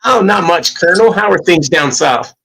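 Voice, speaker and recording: Bright-voiced man hosting a livestream. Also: high-pitched, lively intonation, moderate pace, vocal fry, slight background noise, rough recording. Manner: greets viewers by name, upbeat and chatty. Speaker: livestream host. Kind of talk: casual livestream chat.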